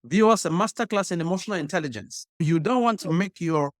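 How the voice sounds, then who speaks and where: A man's voice: sits high, expressive, quick pace, no room sound, clean studio sound. A man hosting a podcast interview who encourages his guest with brief affirmations. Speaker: podcast host. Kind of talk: casual interview conversation.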